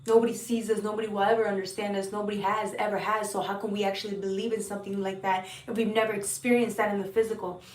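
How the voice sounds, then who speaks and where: A woman's voice: mid-range voice, flat delivery, fast, hardly any pauses, distant mic. Earnest woman tarot reader in an echoey room. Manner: earnest, heartfelt, repeats words, swears now and then. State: emotional at times. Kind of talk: spiritual tarot reading to viewers.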